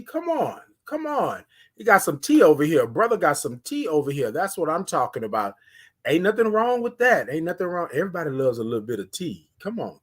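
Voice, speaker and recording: A man from Houston hosts a casual morning live stream. His voice sits a bit higher than most men's, and he keeps coaxing his viewers with repeated, sing-song call-outs. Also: a bit bright. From Houston, Texas.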